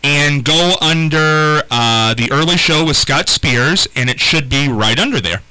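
A man hosting a local morning radio show in a studio, chatting casually with co-hosts and callers, animated and self-deprecating with many restarts. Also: fairly high pitch, measured pace, clear, resonant tone, dry recording, low-quality recording. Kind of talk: casual on-air banter and call-in. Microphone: studio microphone.

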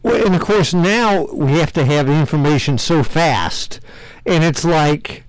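A man co-hosting a casual radio chat, easygoing and reflective, with a soft chuckle. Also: a little high, measured pace, no room sound, poor audio. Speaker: radio co-host.

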